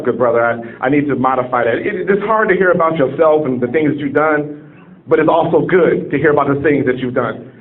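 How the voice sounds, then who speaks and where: A man in his late forties from Cleveland, Ohio, giving a humorous sermon-style talk as a guest speaker and calling on the audience to answer. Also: fairly high pitch. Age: late 40s. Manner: jokey, calls on the audience to answer. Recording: tinny phone-like sound.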